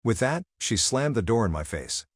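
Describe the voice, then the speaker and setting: A man narrating a first-person story in an expressive, storytelling manner. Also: mid-range voice, moderate pace, husky, dry recording, studio quality.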